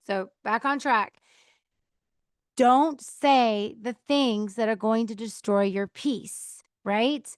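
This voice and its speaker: A podcast host with a somewhat high voice chats casually about choosing peace, acting out quoted replies and laughing often. The sound is studio quality with no echo, picked up by a mic resting on a counter, in the style of a relaxed advice monologue.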